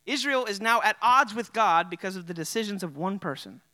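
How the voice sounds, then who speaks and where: Speaking a little fast in a high, expressive voice that sounds bright and forceful, a male pastor delivers his sermon with no room sound. He keeps it casual and chatty, leaning on fillers like "like" and "you know."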